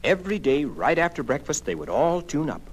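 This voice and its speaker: A man narrating a children's story in an expressive storybook cadence. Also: a little high, brisk, low-quality recording. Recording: music playing behind.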